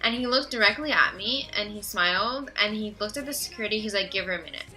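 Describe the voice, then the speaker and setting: A teenage girl telling a story in a casual vlog, gushing and excitable and talking fast. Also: medium pitch, faint music behind, low-quality recording. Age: teens. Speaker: vlogger.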